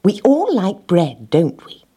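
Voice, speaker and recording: A woman's voice: medium pitch, wildly swooping pitch, slow, dark tone, slightly rough, pitched above the performer's own voice, exaggerated voice. A woman voicing an earnest, bossy little hen in a storybook reading. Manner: earnest, persuasive, explaining.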